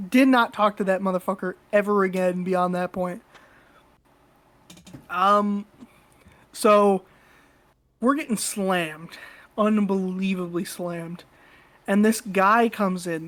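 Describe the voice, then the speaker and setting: Blunt, foul-mouthed woman telling a story. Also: medium pitch. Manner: profane, blunt and animated. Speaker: podcast co-host. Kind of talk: casual storytelling.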